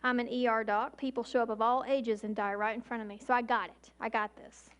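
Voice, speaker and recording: A woman in her forties, an emergency physician, giving an emphatic public talk with slow, deliberate pauses. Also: fairly high pitch, flat delivery.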